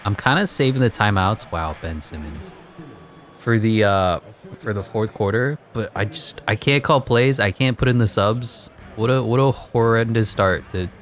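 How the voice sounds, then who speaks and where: A man giving casual, excitable commentary over his own gameplay, laughing at the game and mocking himself. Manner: excitable, voice jumps high when hyped. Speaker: gaming commentator.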